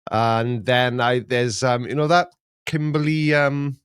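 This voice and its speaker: A man's voice: medium pitch, takes it slowly, smooth, no echo, clean studio sound. A man hosting a casual live stream, chatting in a rambling, jokey way with many restarts. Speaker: host.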